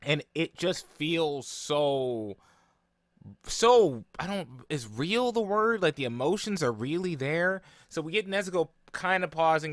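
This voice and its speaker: Brief: young man, bright dry voice, casual rambling reaction talk full of fillers. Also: mid-range voice, no echo. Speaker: anime reaction vlogger.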